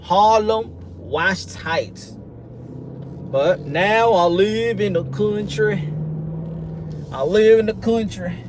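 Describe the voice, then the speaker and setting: A man's voice: high-pitched, takes it slowly, pauses often. A man from New City, rambling casually to his viewers on a live stream from his car. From New York City. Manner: rambling and animated, talks straight to viewers. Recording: loud car and street noise.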